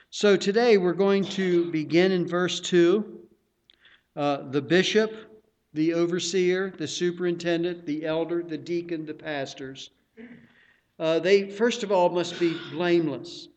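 A man's voice: fairly high pitch, darkish tone. A man pastor preaching a sermon in an earnest, emphatic way, stressing and repeating key words.

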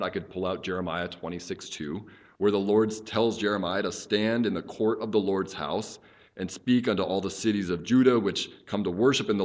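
Man, pastor, teaching sermon, earnest, lowish voice. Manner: earnest, explanatory, restarts phrases while thinking aloud.

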